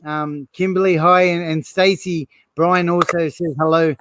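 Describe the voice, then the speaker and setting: A man's voice: fairly high pitch, flat delivery, unhurried, background noise. A man hosting a live online interview, friendly and encouraging. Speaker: host.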